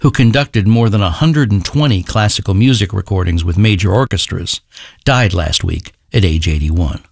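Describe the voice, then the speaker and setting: A man reading a scripted radio announcement in a measured, formal delivery. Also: low-pitched, vocal fry, dry recording, studio quality. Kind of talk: scripted news narration.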